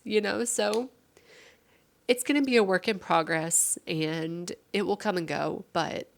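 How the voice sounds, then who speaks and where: A tearful woman talks at home in a casual, confessional vlog. Her voice sits a little low and has a gravelly fry. She rambles warmly, with plenty of fillers. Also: a little slow. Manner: rambling and heartfelt, many fillers. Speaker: vlogger and streamer.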